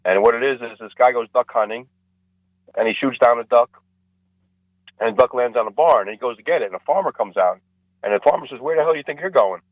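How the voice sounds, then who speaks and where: A man, a comedian guest, telling jokes in a rambling, animated way. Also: medium pitch, fairly quick, pauses often, no echo, phone-quality sound. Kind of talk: casual storytelling interview.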